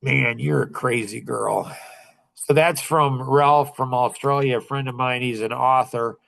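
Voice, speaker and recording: A man hosting a casual group chat, telling animated stories, his voice jumping high when he gets excited. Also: unhurried, vocal fry. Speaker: host.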